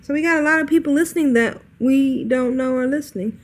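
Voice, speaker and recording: A woman's voice: high voice, brisk. A woman co-hosting a gaming podcast in a casual chat, reading listener emails aloud and often breaking into giggles. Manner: giggly, chatty, trails off into laughs. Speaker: podcast co-host.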